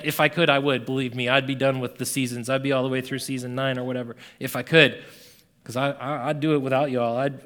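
A man preaching a sermon in a conversational, animated way, rising and falling in volume as he reads scripture. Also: medium pitch. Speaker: pastor.

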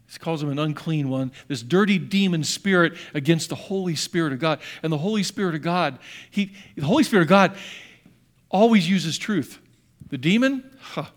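High-voiced man preaching a dramatic sermon. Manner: dramatic, acts out quotes, shifts from loud to hushed. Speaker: pastor.

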